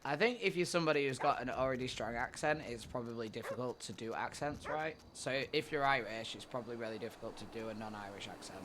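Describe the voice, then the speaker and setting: A man's voice: medium pitch, quick pace, hardly any pauses. Male streamer, mid-range voice, easygoing and rambling, swears freely, light background noise. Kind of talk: casual chat with viewers during a roleplay stream.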